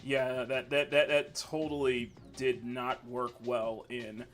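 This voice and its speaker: A man's voice: mid-range voice, level tone, slow. A young man hosting a livestream in casual, rambling chat with many fillers and restarts. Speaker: streamer host. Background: faint menu music.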